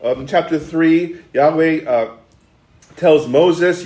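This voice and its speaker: A man preaching an expository sermon as pastor, animated, often restarting sentences and acting out quoted lines. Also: fairly high pitch, slow. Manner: animated, acts out quoted speech with frequent restarts. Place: church sanctuary. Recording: echoey church room.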